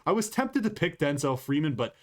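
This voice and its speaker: A man's voice: fairly high pitch, sing-song, fairly quick. A man giving casual, profane fight predictions as an MMA analyst, rambling loosely with frequent restarts.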